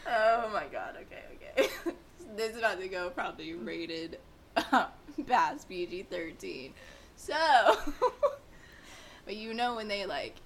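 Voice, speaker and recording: A woman's voice: medium pitch, expressive, unhurried, slight background noise. A young woman in casual podcast chat, blunt and profane, laughing often.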